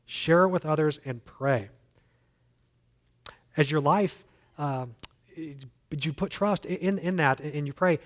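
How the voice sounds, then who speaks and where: A man preaches a sermon in a relaxed, conversational way, repeating key phrases for emphasis. His voice sits a little higher than most men's, and he mixes in self-deprecating jokes. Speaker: guest speaker.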